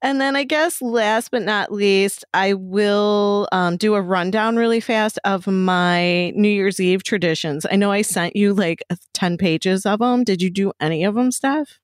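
A middle-aged woman co-hosting a casual chat, telling animated stories and swearing freely. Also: mid-range voice, a little slow, hardly any pauses, dry recording, clean studio sound.

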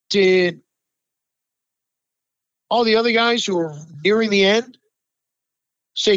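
A man co-hosting a sports talk podcast, ranting loudly and with a lot of swearing, from the New York area. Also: high voice, a little slow, pauses often, no room sound. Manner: ranting, profane, emphatic, heated. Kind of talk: heated sports talk chat. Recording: dry, muffled lo-fi sound.

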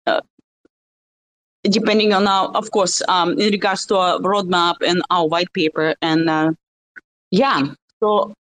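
A woman playing a shady startup founder with a put-on Russian accent, rambling and halting through an overblown pitch. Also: steady tone, fairly bright tone, low-quality recording. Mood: smug. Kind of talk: improvised comedy role-play in a live audio chat.

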